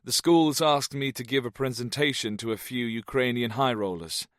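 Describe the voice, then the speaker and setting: A man voicing a calm, guarded former soldier turned spy, polite and measured. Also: medium pitch, no room sound, clean studio sound, natural voice. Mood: friendly.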